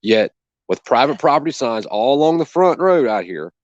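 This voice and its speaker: A man's voice: medium pitch, very animated, normal speed, no echo. A man hosting a casual chat, telling an indignant, profane story and acting out both sides of the conversation. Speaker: channel host. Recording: dull dry lo-fi sound.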